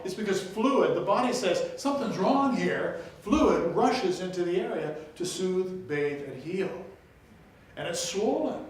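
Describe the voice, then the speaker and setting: Older man teaching in a very echoey hall. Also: fairly high pitch. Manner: lively, demonstrative, tells anecdotes, sings snippets. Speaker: music teacher. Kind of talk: workshop lecture. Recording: very echoey, distant, faint hiss.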